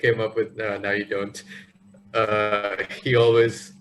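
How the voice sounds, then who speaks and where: A man co-hosting a podcast, telling rambling stories in a casual, animated way. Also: fairly low pitch, takes it slowly, a little hiss or hum, rough recording. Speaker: podcast co-host. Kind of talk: casual chat.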